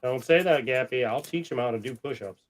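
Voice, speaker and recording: A man's voice: medium pitch, fairly quick. A man hosting a casual livestream, chatting and joking while he barks short, firm commands at his dogs. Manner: chatty and joking, with the odd swear. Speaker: coin-hunting livestream host.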